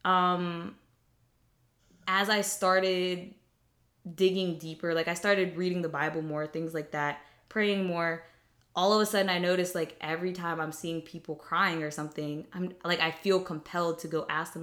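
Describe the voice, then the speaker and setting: A woman's voice: lowish voice, fairly even intonation, moderate pace, a bit bright. A young woman talking casually and reflectively about faith, with many fillers and restarts.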